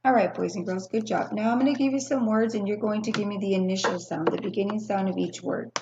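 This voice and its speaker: A woman teaching a recorded phonics lesson to young children, speaking patiently and slowly, spelling out sounds and pausing for answers. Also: medium pitch, muffled recording, noisy background. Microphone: screen-recording computer mic.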